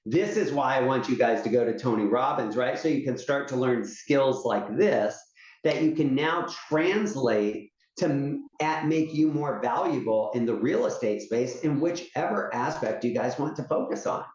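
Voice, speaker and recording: A man's voice: mid-range voice, animated, normal speed, a little mellow. Male mastermind host, conversational coach, very echoey, muffled call audio. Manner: conversational, keeps adding "right?". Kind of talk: motivational coaching talk.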